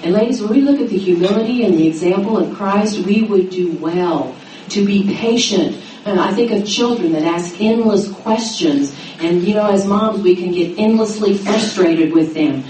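A middle-aged woman teaching a sermon to a women's gathering, acting out the quoted voices with lively pitch. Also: normal speed. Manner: animated, dramatizing quotes with rising pitch. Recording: roomy echo, mic at a distance, faint noise.

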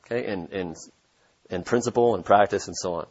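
Male pastor, low husky voice, emphatic sermon delivery, dull lo-fi recording. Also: brisk, a little mellow. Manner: emphatic, repeats key points for stress.

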